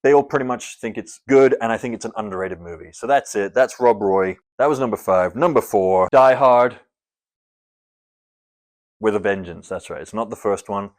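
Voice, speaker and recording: A man's voice: fairly low pitch, moderate pace. Chatty man ranking movies. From Scotland. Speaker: film reviewer. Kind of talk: casual movie-ranking vlog.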